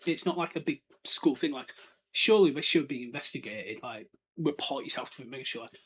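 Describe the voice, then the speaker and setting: A man hosting a podcast talks through a book chapter in a casual way, laughing often and switching into silly character voices. His voice is fairly high-pitched, a bit bright and slightly rough, expressive and fast.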